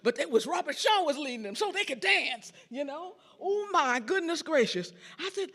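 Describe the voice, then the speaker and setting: An older man tells stories from the stage of a big concert hall, his voice riding high and swooping all over the place. He is a church organist and choir director, animated, singing little bits of tunes as he goes. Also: normal speed. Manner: animated, sings snippets and acts out quotes. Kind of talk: storytelling lecture.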